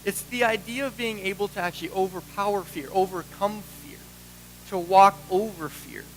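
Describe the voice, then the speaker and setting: A man preaches from the pulpit in a notably high voice for a man. He talks in an animated way, acting out the lines he quotes. A faint hum runs behind him. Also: normal speed, rough recording. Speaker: pastor. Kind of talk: sermon.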